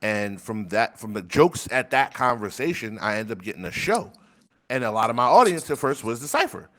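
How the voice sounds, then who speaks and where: A man's voice: mid-range voice, very animated, normal speed, a bit bright. A man rambling in casual chat on a desk microphone, crude and laughing often, telling stories about his rap community. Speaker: rapper and community member.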